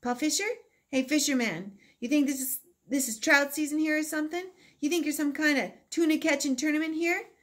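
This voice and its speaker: A woman's voice: high-pitched, brisk, pitched above the performer's own voice. Woman doing a cocky teen soccer bully. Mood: taunting. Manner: cocky, mocking, loud. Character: brash trash-talking teen boy soccer star.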